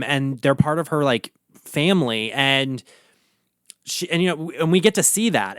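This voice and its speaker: A drag queen host with a Baltimore accent delivers a casual solo rant in a somewhat high, slightly bright voice. He is campy and profane, using plenty of filler words, on a clean studio recording with no room sound.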